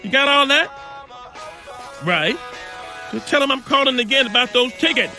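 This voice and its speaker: A man voicing Robert Freeman, a vain, boastful older man who calls himself a civil rights hero, in an animated comedy. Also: extremely high pitch, moderate pace, faint music behind, exaggerated voice. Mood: pushy. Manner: boastful, blustering, shouts when riled.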